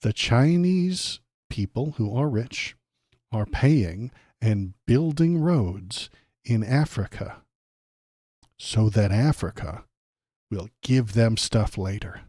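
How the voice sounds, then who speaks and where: A man's voice: on the low side, animated, takes it slowly, mellow, dry recording. A man hosting a political livestream, ranting casually over clips in a sarcastic, mocking way and swearing freely.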